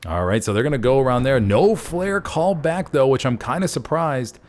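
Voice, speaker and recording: A man casting a competitive online shooter match play-by-play, folksy and excitable, jumping up in pitch at big plays. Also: normal speed. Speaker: esports caster. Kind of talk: play-by-play game commentary.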